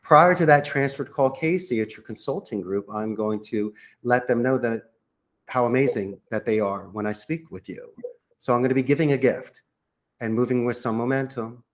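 A man who runs a call center, a guest on a podcast, coaching listeners on phone sales with lively acted-out sample calls. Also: mid-range voice, moderate pace. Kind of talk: podcast interview, coaching monologue.

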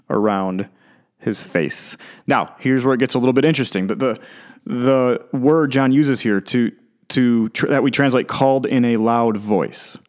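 Man preaching a casual, animated sermon. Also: medium pitch. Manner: casual and animated, restarts and repeats words. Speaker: pastor. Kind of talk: conversational sermon.

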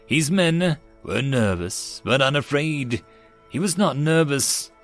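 A man narrating a science-fiction web novel as an audiobook in a steady storytelling read. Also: on the high side, takes it slowly, soft background music. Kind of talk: scripted narration.

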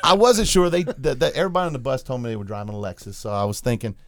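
A podcast host with a mid-range voice talks rapid-fire over a recording with no echo. Chatting casually, he tells a story in an animated way, acting out the quotes as he goes.

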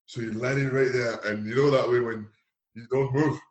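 A lively man with as his spins football stories in a casual interview. He laughs often, slips into voices for the people he quotes, and his pitch sits in an ordinary middle range. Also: normal speed, muffled recording. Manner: animated, laughing often, acting out others' voices. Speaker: former footballer guest.

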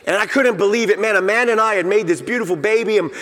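A man preaching a sermon as pastor, slow and emphatic, repeating his key phrases. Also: high voice, fairly bright tone, big-room sound. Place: church sanctuary.

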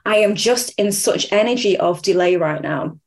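A woman hosts a podcast in a relaxed chat. She tells stories with energy and acts out what people said. Her voice sits at a middle pitch. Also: normal speed. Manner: animated storyteller, acts out quotes. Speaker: podcast host. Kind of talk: casual interview chat.

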